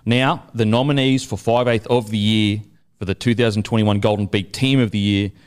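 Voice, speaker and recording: A man's voice: on the low side, fairly even intonation, moderate pace, smooth. Man hamming up an awards announcement. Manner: mock-grand announcer delivery. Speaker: podcast host presenting awards. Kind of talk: mock awards presentation.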